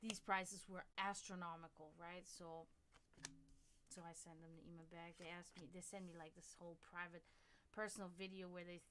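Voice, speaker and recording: A woman's voice: on the low side, little pitch movement, normal speed, fairly bright tone, slight background noise. A woman from Germany hosting a livestream, telling a rambling story in casual chat, swearing freely and breaking off to greet viewers. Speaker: livestream host.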